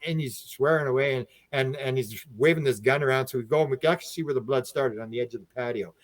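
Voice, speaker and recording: A man guest on a podcast, telling a story in a casual, animated way, halting and restarting often, and raising his voice to act out what others said. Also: medium pitch. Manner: animated, acts out quoted speech with raised voice; halting, frequent restarts and repeated words. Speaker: podcast guest, UFO researcher.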